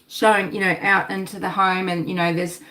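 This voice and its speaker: A woman's voice: on the low side, little pitch movement, fairly quick, bright, forceful tone. A middle-aged woman, hosting a casual livestream, talking animatedly, swearing and reading out chat comments. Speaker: livestream host.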